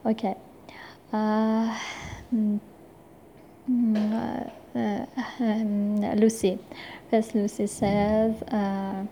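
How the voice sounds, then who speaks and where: A woman's voice: mid-range voice, flat delivery, very slow, warm tone, slight background noise. A woman speaking English as a second language, giving a hesitant, unscripted talk full of filler sounds and restarts. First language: not English. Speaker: forum member presenting a talk. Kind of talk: slow unscripted monologue.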